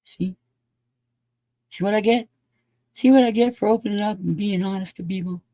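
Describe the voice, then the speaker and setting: Male livestream host, mellow, dry close sound, blunt and profane, loose rambling chat. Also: high-pitched, normal speed, no room sound.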